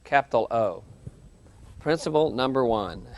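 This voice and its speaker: A man lecturing a university class in a conversational, animated way, acting out quoted reactions. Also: mid-range voice, unhurried. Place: lecture hall, televised class.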